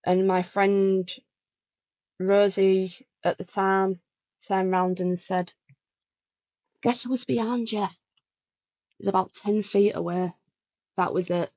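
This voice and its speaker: A woman's voice: medium pitch, monotone, takes it slowly, long pauses, warm tone, no room sound, dull audio. A woman, a guest musician chatting casually in an interview, telling a story with lots of "like" and restarts.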